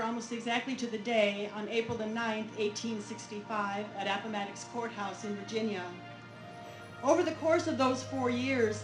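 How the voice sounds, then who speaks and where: A woman reenactor telling a historical story to an audience in a clear, earnest way. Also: on the high side, echoey room, low-quality recording. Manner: clear, earnest narration with occasional fillers.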